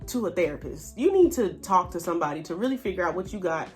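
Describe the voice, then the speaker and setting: A woman casually recapping a reality show, chatty and animated, acting out what people said. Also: fast, faint music behind. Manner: chatty and animated, reenacts quotes with pitch jumps. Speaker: YouTube TV recap host.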